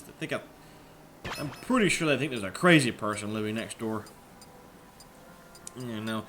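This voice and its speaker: A man doing casual let's play commentary at home, rambling and chatty, sometimes yelling at the game. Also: mid-range voice, slight background noise. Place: apartment room at home with thin walls. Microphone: desk microphone. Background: video game music.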